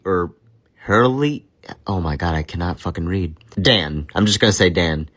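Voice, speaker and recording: A man's voice: sits low, normal speed, fairly bright tone. A man hosting a casual film review, joking crudely and swearing often. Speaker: movie review host. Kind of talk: casual profane film commentary.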